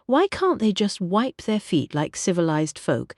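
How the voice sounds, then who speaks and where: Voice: mid-range voice, big pitch swings, unhurried, dry recording, studio quality, voice pushed up. A narrator voicing a nervous, chattering grey-haired housekeeper. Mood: fretful. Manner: fretful chatterbox, rambling.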